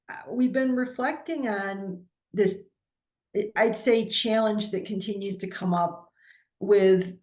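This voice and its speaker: A woman's voice: medium pitch, a little mellow. A woman guest on a video call, talking through finance points in an explanatory way, often restarting her phrases. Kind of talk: casual video call discussion.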